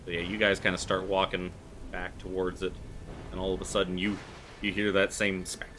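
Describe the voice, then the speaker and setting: A man's voice: low-pitched, monotone, moderate pace, a bit bright, a little hiss or hum. A man running a tabletop horror game, narrating loosely with lots of "like" and fillers. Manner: loose, filler-heavy storytelling with frequent "like". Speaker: game master.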